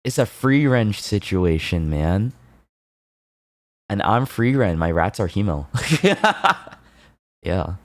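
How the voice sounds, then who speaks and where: A deep-voiced man chatting on his stream in a loose, playful way. He laughs a lot, jumps between quick asides to his viewers, and teases them. The sound is dry and close. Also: animated, a little mellow, no room sound. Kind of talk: casual chat with chat.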